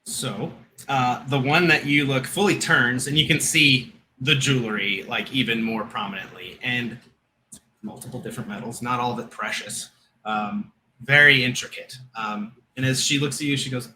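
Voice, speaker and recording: A man narrating as game master of a tabletop game, relaxed and often laughing as he describes scenes. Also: mid-range voice, normal speed, slight background noise, low-quality recording.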